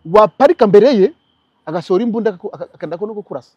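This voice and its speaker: Young Rwandan man, interview guest, rapid-fire delivery, dry close sound. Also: sits high, husky, no echo, muffled recording. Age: young adult. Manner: animated, switches into mimicked English voices. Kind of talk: casual interview.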